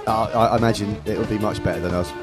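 A man's voice: on the low side, fairly even intonation, rapid-fire, loud music behind the voice. A man hosting an internet radio show, chatting and joking in a self-mocking way. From Scunthorpe, England. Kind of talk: casual chat on a radio show.

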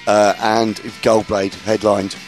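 A man with a slightly low voice hosts a loose radio chat, full of enthusiasm and rambling restarts. Faint music plays underneath the talk. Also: level tone, takes it slowly. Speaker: radio show host.

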